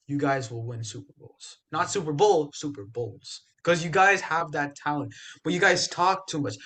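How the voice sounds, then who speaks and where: Young man, podcast co-host, casual sports chat, emphatic, trash-talking, slightly high voice. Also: pushed and bright.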